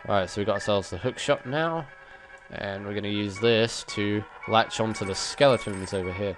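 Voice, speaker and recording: A man's voice: on the low side, moderate pace, rough recording. A man casually commenting on his gameplay, chatty and rambling with frequent chuckles, his nose stuffy. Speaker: let's play gamer. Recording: game music playing behind.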